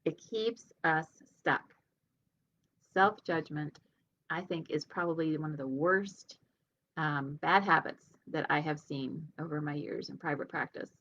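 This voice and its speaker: A woman's voice: deep voice, unhurried, fairly bright tone, lo-fi sound. A woman speaking as a healer and leadership coach, giving an earnest, conversational motivational talk with light laughs.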